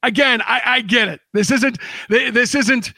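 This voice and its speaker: A man's voice: very high-pitched, moderate pace, vocal fry, bright, forceful tone, dry recording. A man hosting a casual show from his home studio, sarcastic and playful, often laughing at callers. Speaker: host. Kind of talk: casual online talk show. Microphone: studio mic.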